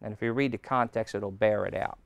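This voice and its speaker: A male preacher teaching a sermon, slow and emphatic, with sudden loud stresses on key words. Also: fairly low pitch, steady tone, vocal fry, dry recording. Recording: old taped sermon.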